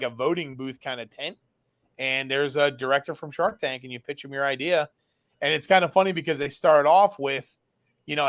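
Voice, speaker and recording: Animated man telling a story. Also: a little high. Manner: animated, acts out dialogue, many fillers. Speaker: business founder guest. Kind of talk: casual storytelling.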